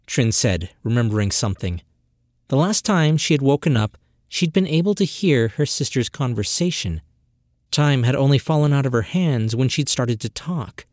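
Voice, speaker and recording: Clean studio sound with no room ambience captures a professional audiobook narrator reading a fantasy short story. The medium-pitched delivery is measured and expressive, in true storytelling fashion.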